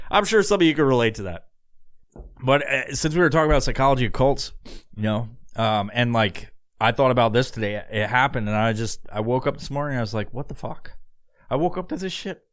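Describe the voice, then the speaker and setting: A man's voice: medium pitch, fairly quick, a bit bright. A man hosting a podcast, talking alone in a rambling, profane, casual way and laughing often. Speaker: podcast host. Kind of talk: casual monologue.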